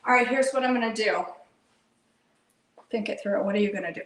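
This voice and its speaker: Animated and brisk, her medium-pitched voice rings in a reverberant space, and the recording is low quality. She runs a live cooking show at home, talking in folksy slang to both herself and her viewers while she works.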